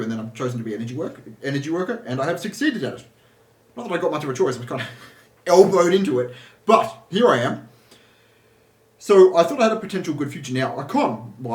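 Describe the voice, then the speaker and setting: Speaking as an energy healer, a man delivers a casual, rambling monologue full of restarts, asides and laughs. His voice is a little high and sounds reverberant.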